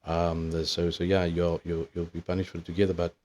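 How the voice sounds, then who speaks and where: A man in his thirties with a notably deep, low voice rambles through a loose, swear-filled retelling. His delivery is casual and meandering, full of asides and restarts. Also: monotone, fairly quick, darkish tone, slight background noise. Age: 30s. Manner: profane, meandering storytelling. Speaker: vlogger.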